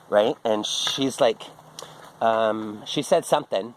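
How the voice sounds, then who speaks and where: A middle-aged vlogger rambles through a casual, profane monologue, constantly interrupting himself with restarts and asides. His voice is on the low side and slow, captured in a rough recording with slight background noise.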